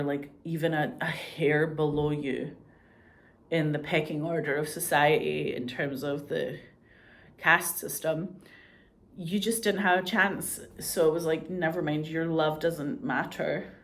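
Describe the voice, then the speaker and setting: A woman in casual chat who swears freely and acts out the lines she quotes. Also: low voice. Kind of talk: casual chat about TV shows.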